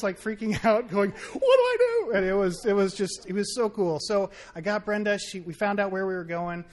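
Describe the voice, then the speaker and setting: A man telling a rambling, animated personal story at a faith gathering, full of fillers and restarts. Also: high voice. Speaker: friend sharing a story.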